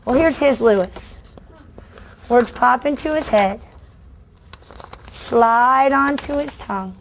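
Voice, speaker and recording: A middle-aged woman, a children's book author, giving a playful, animated talk to education students and quizzing the audience. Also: on the high side, slight background noise.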